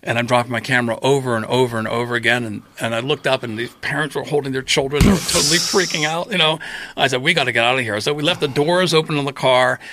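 A man guest on a podcast telling a long story in casual chat, acting out his own past lines with lively quoted voices. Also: mid-range voice, fast, background noise.

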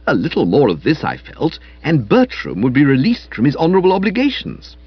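A male audiobook narrator tells a comic tale in the first person, wry and theatrical, with a husky voice that swings widely in pitch. The recording is dry and slightly muffled. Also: no echo. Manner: wry, lively, theatrical storytelling.

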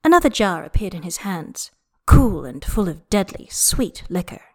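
Expressive woman storybook narrator. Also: lowish voice, normal speed. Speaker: audiobook reader. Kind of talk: scripted narration of fan fiction.

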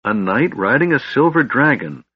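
Kender lad, read by a man: high, eager, lively, wistful; dull dry audio. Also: moderate pace, slightly rough. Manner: excitable, wistful. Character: cheerful curious young kender man.

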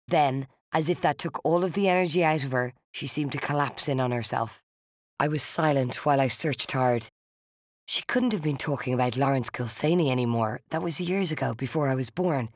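An audiobook narrator giving a measured, steady first-person fiction reading. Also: mid-range voice, no echo, studio quality.

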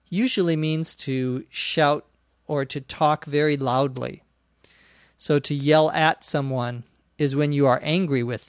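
Slow, careful male English teacher. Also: mid-range voice, smooth, dry recording, clean studio sound. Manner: slow, careful, spells words out. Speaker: podcast host and English teacher. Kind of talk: language lesson explanation.

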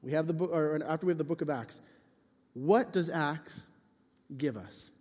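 A man's voice: fairly high pitch, normal speed, a little mellow. A young man giving a playful youth sermon as pastor, teasing and quizzing his listeners. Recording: reverberant hall.

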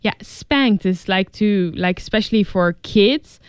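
Smooth-voiced young woman co-hosting a radio lesson. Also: medium pitch, a little slow, dry recording, studio quality. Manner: chatty, fills speech with "like". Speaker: co-host reading a story and explaining English words. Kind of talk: casual radio teaching chat. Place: radio studio.

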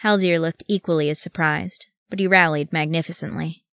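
A woman reading fan fiction aloud as an audiobook, with a steady read that voices each character. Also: deep voice, brisk, smooth, dry recording, clean studio sound. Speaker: audiobook reader.

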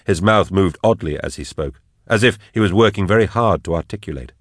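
A man narrating an audiobook in a measured, dramatic way. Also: low-pitched, no echo, clean studio sound.

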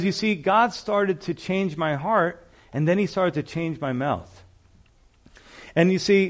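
A male pastor preaching a sermon in a conversational, storytelling way, with frequent asides to the congregation. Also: fairly high pitch.

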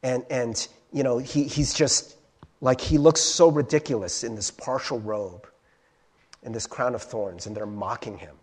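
A man preaching a sermon as a pastor, animated, acting out crowd voices and asking rhetorical questions. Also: mid-range voice, a little slow, slightly rough.

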